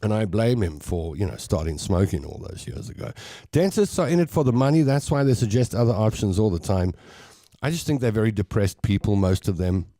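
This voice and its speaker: South African male host, relaxed mellow low voice, casual rambling stream chat, reads comments aloud, dry home studio sound. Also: dry recording. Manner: chatty, rambling, quick to laugh at his own jokes. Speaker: host reading viewer comments.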